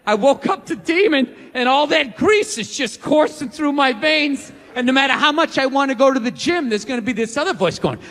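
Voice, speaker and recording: A man's voice: extremely high pitch, expressive, normal speed, few pauses, a bit bright. A man in his forties doing stand-up comedy, ranting with profane, incredulous exasperation. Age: 40s. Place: large theater stage. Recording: live theater with crowd and long reverb. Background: audience laughter.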